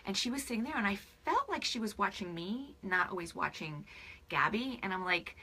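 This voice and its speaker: A woman in her forties, a spiritual life coach, chatting on camera to her followers, teary and emotional, often dropping into soft whispers. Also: medium pitch, big pitch swings, a little fast, breathy edge. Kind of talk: casual direct-to-camera chat with followers.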